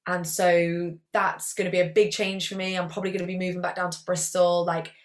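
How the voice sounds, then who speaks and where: Chatty young Englishwoman, lowish voice. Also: little pitch movement, fairly quick. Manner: chatty, rambling, peppered with "like". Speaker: guest athlete. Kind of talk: casual interview chat.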